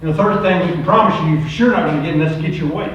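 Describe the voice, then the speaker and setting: A man's voice: a little high, rapid-fire, a bit bright, highs cut off. A middle-aged man preaching a recovery ministry sermon, with rhetorical questions and lots of repetition. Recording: very echoey room, distant mic.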